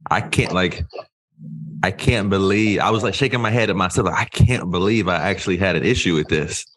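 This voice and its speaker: A man's voice: sits low, a bit bright. A man co-hosting a podcast, talking in a rambling casual way with many restarts. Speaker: podcast co-host. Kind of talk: casual chat.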